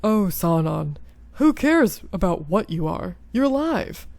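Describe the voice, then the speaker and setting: A woman voicing a warm-hearted male samurai leader who speaks with earnest emotion while reading game dialogue aloud. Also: on the low side, big pitch swings, measured pace, vocal fry, no room sound, heavily acted.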